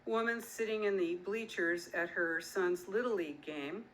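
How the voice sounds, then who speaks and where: A woman's voice: lowish voice, moderate pace, fairly bright tone, low-quality recording. A middle-aged woman, an author and activist, speaking earnestly and emphatically straight to her listeners. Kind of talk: direct-to-camera talk.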